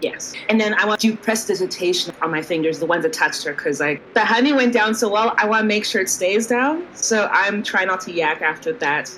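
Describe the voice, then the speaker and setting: A woman's voice: mid-range voice, brisk, a bit bright, a little hiss or hum, poor audio. Wry, giggly woman player. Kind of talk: casual tabletop role-play.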